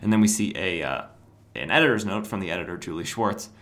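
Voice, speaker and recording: Rambling low-voiced man recapping comics. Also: lively intonation, quick pace, a bit bright. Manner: rambling, with filler words and acted quotes. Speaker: podcast host.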